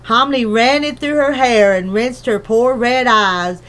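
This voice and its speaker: A woman reading a children's book aloud in a gentle, unhurried storybook manner. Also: a little high. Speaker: narrator.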